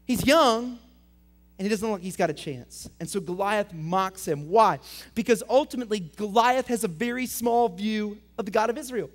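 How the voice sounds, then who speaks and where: A young adult man preaching to middle schoolers as their pastor, energetic, swinging between loud emphatic lines and quiet intense questions. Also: high-pitched, normal speed. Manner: reads scripture aloud, asks students direct questions. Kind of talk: youth sermon.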